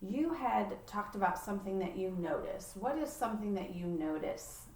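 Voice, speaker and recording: A woman leading a poetry lesson for children, talking in a slow, encouraging way with frequent fillers. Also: mid-range voice, lively intonation, a little mellow, slight background noise. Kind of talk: patient lesson for children, reading a poem aloud. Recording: echoey room, distant mic.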